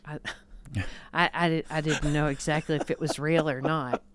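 A woman's voice: low voice, steady tone, measured pace. A woman co-hosting a radio show, chatting casually and reading listings with hesitant fillers. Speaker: radio co-host. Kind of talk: casual on-air chat and listings. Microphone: studio mic.

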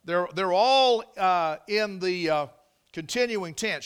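A man delivering a sermon in a high, bright voice. He leans on repetition and slows right down to stress key phrases. He keeps checking in with the congregation through rhetorical questions. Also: clear, resonant tone. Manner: preaching with repeated words, drawn-out emphasis and rhetorical questions. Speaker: pastor.

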